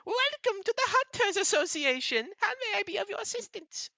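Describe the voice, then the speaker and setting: A woman voicing an excitable little male owl receptionist in a tabletop game, eager and overexcited. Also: very high-pitched, moderate pace, vocal fry, no echo, pitched above the performer's own voice, full character voice. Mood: excited.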